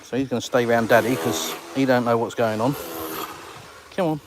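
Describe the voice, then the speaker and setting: A man's voice: medium pitch, moderate pace. Chatty Englishman on a home livestream. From England. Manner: chatty, answers viewers' comments aloud. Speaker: livestream host. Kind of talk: casual live-stream chat. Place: at home in a house. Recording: clear background noise with clicks.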